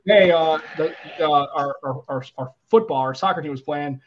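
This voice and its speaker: An American man hosting a podcast, chatting casually and rambling with lots of restarts, often trailing off softly at the ends of phrases. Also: fairly high pitch, moderate pace, highs cut off, a little hiss or hum. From United States. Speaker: podcast host.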